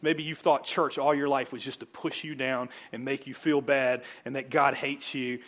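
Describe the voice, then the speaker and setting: A man preaching a sermon as pastor, dropping to soft, intimate asides and rising to loud, emphatic peaks, often laughing as he talks. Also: medium pitch, steady tone, normal speed, few pauses. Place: church sanctuary.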